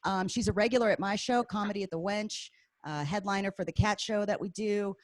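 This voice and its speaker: A woman's voice: mid-range voice, a little fast, no echo. Woman emceeing an online comedy show, hyped and laughy, dry sound. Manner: upbeat, loose, laughing between intros. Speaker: host. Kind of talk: hosting a comedy show over video call. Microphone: video call.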